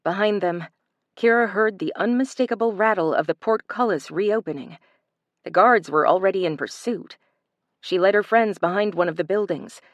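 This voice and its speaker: A woman narrating a thriller audiobook in an even, measured reading style. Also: mid-range voice, no room sound. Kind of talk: scripted narration.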